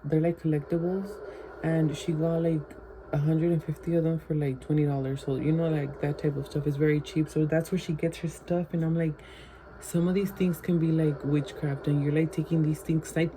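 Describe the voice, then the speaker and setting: A woman's voice: deep voice, dark tone, slight background noise, poor audio. A woman vlogger at home telling a rambling storytime, full of fillers and slipping Spanish phrases into her English. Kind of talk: casual storytime.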